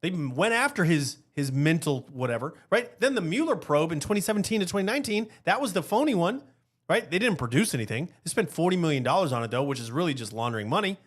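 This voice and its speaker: A man hosting a podcast, giving heated political commentary in an animated, rhetorical way and often tagging his points with a question. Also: on the high side, fast talker. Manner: animated, rhetorical, keeps asking "right?". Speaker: podcast host.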